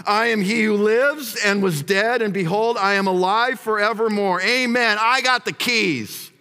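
A man preaching a sermon as pastor, moving between hushed prayer and shouted emphasis and repeating phrases as he builds. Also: sits high, unhurried, clean tone. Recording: long hall reverb.

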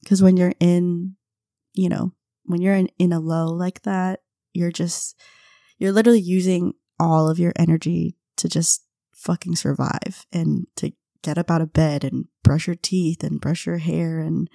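A young woman hosting a podcast, telling a casual story with frequent laughs and quick impressions of her friends. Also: fairly low pitch, vocal fry, dark tone, dry recording, studio quality. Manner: chatty, laughs often, mimics friends in quotes. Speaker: podcast host.

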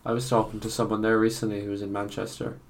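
A man's voice: lowish voice, completely flat delivery, fast, creaky. A man co-hosting a podcast, teasing his friends in casual banter. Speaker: podcast co-host. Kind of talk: casual chat.

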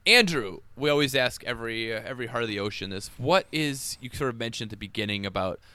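A man's voice: medium pitch, fast, pushed and bright, clear, resonant tone. A man hosting a podcast, easygoing, who steers the chat with questions to his guest. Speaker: podcast host.

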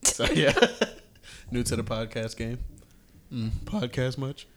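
A man's voice: medium pitch, takes it slowly. A young man hosting a casual podcast, teasing his friends and laughing often. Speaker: podcast host.

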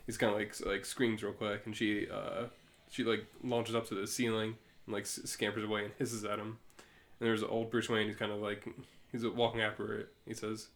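A man's voice: fairly low pitch, level tone, normal speed. A man co-hosting a casual chat, reading and describing a comic aloud in an easygoing way. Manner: easygoing, brief agreeing replies.

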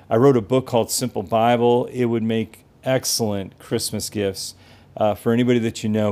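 A man's voice: fairly low pitch, a little mellow. A man giving an earnest, encouraging podcast sermon as pastor and host, repeating phrases for emphasis.

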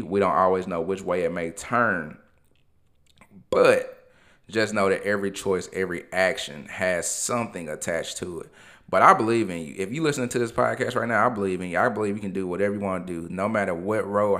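A man's voice: low voice, a bit bright. Impassioned man giving motivational talk. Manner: impassioned, preachy, informal, repeats phrases. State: emotional. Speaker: podcast host.

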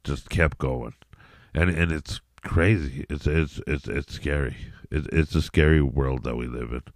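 A man's voice: a bass voice, a little slow, no room sound, clean studio sound. A man hosting a solo podcast in a rambling, profane rant, with many restarts and repeated "you know what I mean". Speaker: podcast host.

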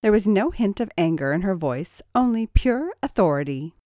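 A woman's voice: medium pitch, sing-song, moderate pace, warm tone, no room sound, clean studio sound. A woman narrating scripted adult fiction who reads expressively and gives each character a voice.

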